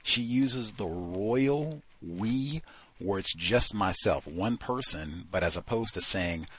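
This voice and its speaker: A man with a very low, husky voice picks apart a book in a talk-show review. He sounds exasperated and sarcastic, and he leans on fillers. The sound is dry and close, with no room echo. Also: lively intonation, slow, fairly bright tone. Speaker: podcast host. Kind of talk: critical book review commentary.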